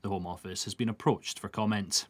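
A man reading a radio news bulletin in an even, formal way. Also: lowish voice, a little fast. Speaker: newsreader.

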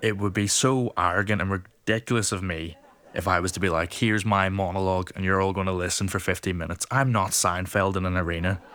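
A man's voice: low voice, steady tone, a little fast, a bit bright. A male comedian speaking candidly in an interview, explaining how he works a live crowd. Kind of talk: interview talk.

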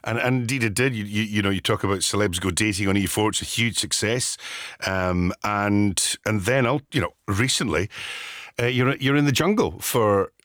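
A man's voice: on the low side, normal speed, a bit bright, no room sound, studio quality. A male radio host interviewing a guest with enthusiastic, effusive praise.

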